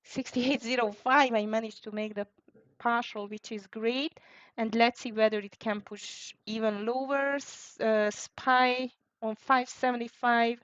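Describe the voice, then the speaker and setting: A fretful woman hosting a live trading stream gives market commentary, thinking aloud and calling out prices. Her fairly high voice is steady in tone, a little slow and a bit bright, recorded dry with dull lo-fi sound.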